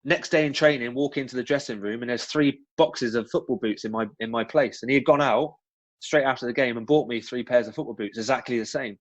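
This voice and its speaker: A man's voice: mid-range voice, a little fast, no room sound. A man with a West Country accent, a former footballer answering interview questions in a chatty way with many ums and restarts. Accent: West Country English. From West Country of England. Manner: chatty, frequent ums and restarts, animated storytelling. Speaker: guest, former professional footballer. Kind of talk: casual interview answers with anecdotes.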